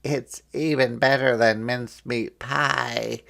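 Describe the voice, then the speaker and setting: A man's voice: mid-range voice, fairly even intonation, slow pace, gravelly, bright, forceful tone, heavily acted. A man doing a soothing mother fox.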